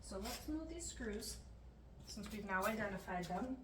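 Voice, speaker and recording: A woman's voice: medium pitch, lively intonation, moderate pace, far from the mic. A woman vlogger talking viewers through a home repair step by step, thinking aloud with jokey asides, recorded in her home entryway. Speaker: DIY vlogger. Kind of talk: casual step-by-step repair narration. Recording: echoey room, off-mic, background noise.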